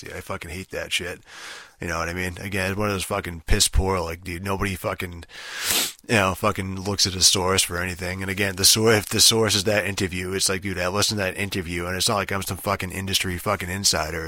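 A man with a deep voice that barely rises or falls rants casually on his podcast, swearing in nearly every phrase and stumbling through fillers and restarts. His tone is bright and forceful, and the recording is dry and close. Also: no echo. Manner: profane, rambling, full of fillers. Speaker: podcast host. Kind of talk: casual solo podcast rant.

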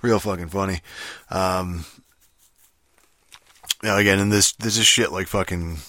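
A man's voice: low voice, steady tone, a little slow, sharp tone, no echo. A man casually retelling a video game, rambling with heavy swearing, fillers and restarts.

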